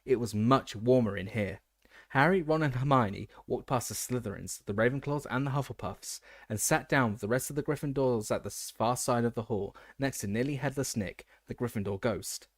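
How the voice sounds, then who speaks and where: A man's voice: medium pitch, moderate pace, no room sound, clean studio sound. A man reading a fantasy novel aloud as an audiobook narrator, often stumbling and restarting words.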